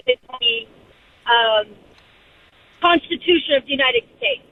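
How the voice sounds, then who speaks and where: A woman's voice: high-pitched, big pitch swings. Fired-up Portuguese-accented woman on a phone line. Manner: heated, defiant, rapid rant. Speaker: caller. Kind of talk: call-in radio talk.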